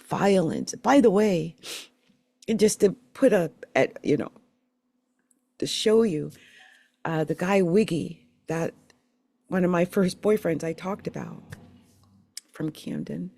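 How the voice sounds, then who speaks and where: A middle-aged woman from the Philadelphia area telling her life story in a candid, emotional, rambling way, with halting restarts. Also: lowish voice, vocal fry, warm tone, no room sound. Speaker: channel host sharing her life story. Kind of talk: personal storytelling monologue.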